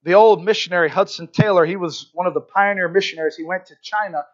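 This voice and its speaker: A man preaching a sermon in church, earnest and conversational, often checking in with his listeners with quick asides. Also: sits high, lo-fi sound. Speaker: pastor.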